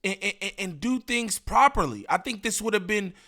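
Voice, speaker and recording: Bright high-pitched man ranting casually. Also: moderate pace. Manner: animated, rambling, slangy and repetitive. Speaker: commentary channel host. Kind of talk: casual reaction commentary.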